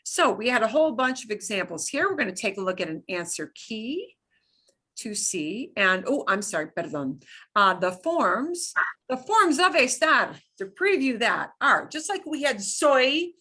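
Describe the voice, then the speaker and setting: A woman's voice: fairly high pitch, sing-song, measured pace, bright, forceful tone, slightly rough. A woman teaching a beginners' Spanish class, explaining patiently with examples and repetition. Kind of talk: classroom lesson.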